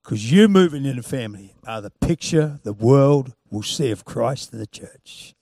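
A man preaching a sermon, moving from loud, punchy calls to quiet, chuckling storytelling. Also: medium pitch, expressive, normal speed, no echo, studio quality.

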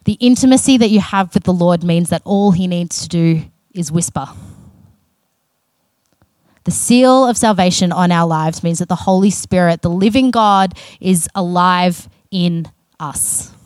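A woman's voice: lowish voice, moderate pace, hardly any pauses, darkish tone, no room sound. A woman preaching a sermon in an earnest, conversational way, with casual self-aware asides.

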